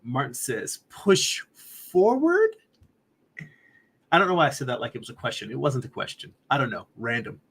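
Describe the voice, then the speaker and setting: Relaxed man chatting on a stream. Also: mid-range voice, fast, creaky, few pauses, breathy edge. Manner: relaxed, rambling, laughs often, reads chat comments aloud. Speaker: artist streamer answering chat. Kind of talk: casual livestream chat.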